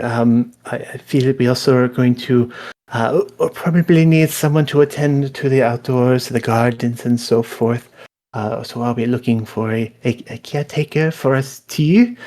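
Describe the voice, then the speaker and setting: A man's voice: mid-range voice, darkish tone, lightly acted. A man voicing a nervous, earnest female major domo who stammers dutifully.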